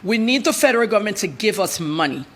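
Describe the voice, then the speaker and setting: A woman journalist, answering TV interview questions in a blunt, rapid, emphatic way. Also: medium pitch, sing-song. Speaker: journalist guest.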